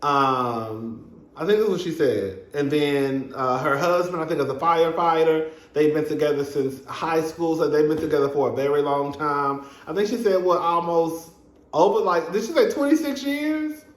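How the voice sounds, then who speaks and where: Brief: young man, reality TV reviewer, sassy and gossipy, slightly high voice, roomy echo. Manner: chatty, sassy, addresses viewers as "girl"; frequent fillers and laughs, quick high-pitched asides. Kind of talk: casual chat. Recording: echoey room.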